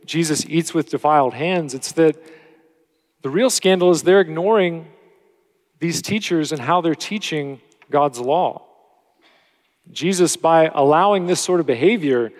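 A man delivering a sermon in a steady, teaching manner, now and then correcting himself mid-phrase. His voice sits a little on the high side, and the sound carries a long reverberant tail from the church hall. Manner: steady expository preaching with occasional self-corrections. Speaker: pastor.

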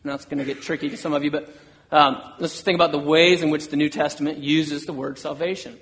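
A man's voice: a little high, little pitch movement, quick pace, fairly bright tone. A man preaching a sermon, earnest, voicing an apostle's words with rising intensity. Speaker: pastor.

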